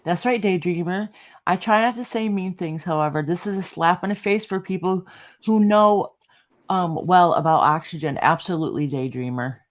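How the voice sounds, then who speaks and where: A woman's voice: on the low side, moderate pace. A woman co-hosting a casual livestream chat, agreeable and chatty, reading out comments.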